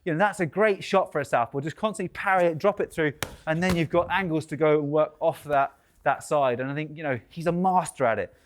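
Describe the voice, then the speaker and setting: British man, animated boxing breakdown. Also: a little fast. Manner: animated, punctuates moves with "boom". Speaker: boxing trainer and pundit. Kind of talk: demonstrating and explaining boxing tactics.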